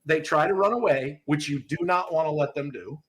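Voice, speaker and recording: A man's voice: on the high side, normal speed, a bit bright, husky. A man who trains dogs, coaching a student in a casual chat, blunt and swearing freely. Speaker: dog trainer.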